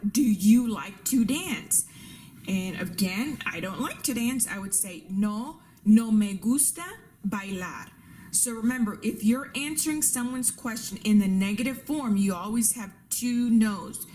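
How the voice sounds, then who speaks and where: A woman's voice: mid-range voice, darkish tone, slight background noise. Patient woman teaching a language lesson. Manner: patient, repeats rules and examples, checks in with "right?". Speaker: Spanish teacher. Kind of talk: classroom lesson with slides.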